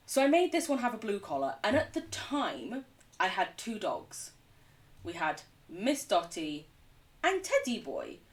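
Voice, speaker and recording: A woman's voice: mid-range voice, far from the mic. A woman game streamer chatting casually and rambling as she plays, laughing often. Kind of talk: casual gaming chat.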